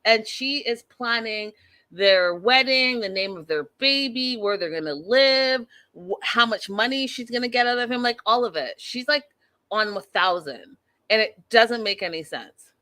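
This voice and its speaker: This podcast host, a woman in her thirties, recaps a reality show in a casual, animated way, talking directly to her listeners and calling them y'all. She's blunt and opinionated. Her voice sits on the high side, and she doesn't rush.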